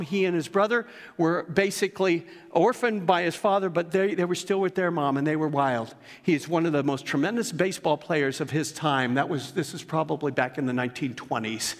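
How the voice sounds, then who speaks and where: A man's voice: fairly high pitch, fairly quick, big-room sound. A male pastor delivering a sermon in an earnest, emphatic way, mixing scripture with personal stories. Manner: earnest, emphatic preaching with storytelling asides.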